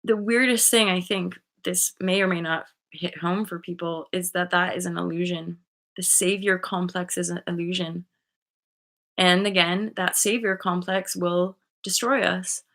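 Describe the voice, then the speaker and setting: Bright-sounding woman rambling about spirit stuff, lots of "like", swears a bit. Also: lowish voice, steady tone, a little slow. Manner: rambling, loose, sprinkled with "like" and swearing. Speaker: spiritual coach and channel host. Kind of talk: casual spiritual monologue.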